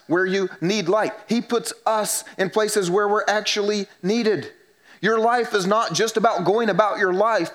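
A man preaches a church sermon in a somewhat higher voice. He pushes up in pitch to drive points home, then sinks low and soft to voice what people say. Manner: emphatic preaching, drops low and quiet for quoted voices. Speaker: pastor.

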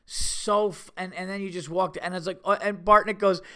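Gravelly man telling a story casually. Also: high-pitched, normal speed. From New York. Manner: animated, acts out voices in quotes. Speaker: podcast host.

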